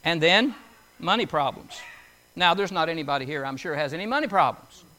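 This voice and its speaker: An older man delivers a folksy sermon in a high, ringing voice. He moves between scripture readings and homespun stories, often putting questions to the congregation. His tone is bright and chatty. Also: animated, a little fast. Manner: conversational, asks the audience questions, tells homely stories. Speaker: preacher.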